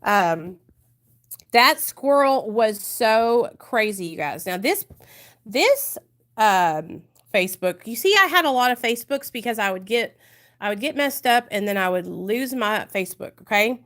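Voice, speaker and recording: A woman's voice: mid-range voice, big pitch swings, normal speed, fairly bright tone. A woman from the United States, a vlogger speaking candidly and with emotion to her viewers in a confessional vlog.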